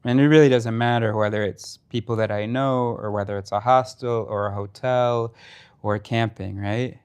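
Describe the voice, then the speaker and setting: Sarcastic, pressing man with a smooth voice. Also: mid-range voice, steady tone, moderate pace, darkish tone. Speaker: partner in a debate. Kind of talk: casual argument between partners.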